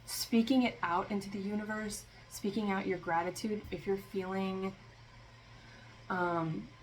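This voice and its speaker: A woman's voice: medium pitch, steady tone, measured pace, slight background noise, rough recording. A woman giving a casual spiritual tarot reading, talking in a loose, rambling way with lots of fillers and a sarcastic streak. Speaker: tarot reader.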